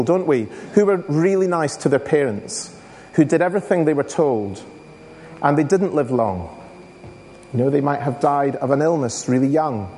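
A man's voice: fairly high pitch, warm tone. Man talking to a school hall. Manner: storytelling, addresses audience with questions. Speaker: school assembly speaker. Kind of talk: school assembly talk. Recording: long reverb of a hall.

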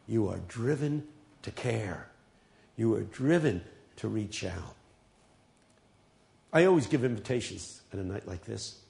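A man's voice: lowish voice, vocal fry, a little mellow. A male preacher delivering a dramatic sermon, telling stories with humor.

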